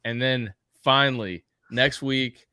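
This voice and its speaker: A man hosting a podcast in casual banter, upbeat and brisk as he wraps up segments. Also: medium pitch, pushed and bright, clean tone, no room sound, studio quality. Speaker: podcast host.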